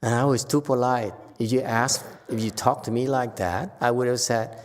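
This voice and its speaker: A man teaching Buddhism in a relaxed, conversational way, his voice sitting at an ordinary middle pitch. He breaks into animated bursts and often restarts his sentences. A long reverb from the temple hall trails each phrase. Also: moderate pace, a little hiss or hum. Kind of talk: informal dharma lecture.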